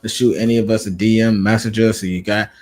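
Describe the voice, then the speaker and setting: Male host, casual chat, Black dialect, animated storyteller with lots of laughs. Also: on the low side, fast talker. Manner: animated storytelling, acts out quotes, laughs often. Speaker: podcast host.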